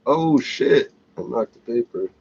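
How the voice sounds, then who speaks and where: A man's voice: mid-range voice, lively intonation, unhurried, vocal fry, darkish tone, husky. Sardonic man ranting, lo-fi. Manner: crude, sardonic, scornful. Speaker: vlogger. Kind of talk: profane ranting monologue. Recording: dull lo-fi recording with faint hiss.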